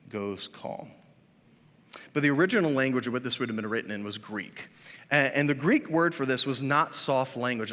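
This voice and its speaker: A man in his thirties preaching a sermon as pastor. He swings between hushed, drawn-out lines and loud, emphatic ones, with self-deprecating asides. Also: medium pitch, a little hiss or hum. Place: church. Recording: reverberant church sanctuary.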